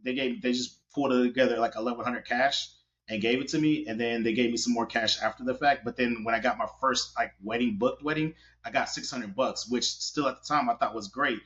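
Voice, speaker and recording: A man, a wedding photographer, telling stories in a casual, animated interview. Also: mid-range voice, fairly quick. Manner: animated, hustling storyteller. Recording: dull lo-fi audio.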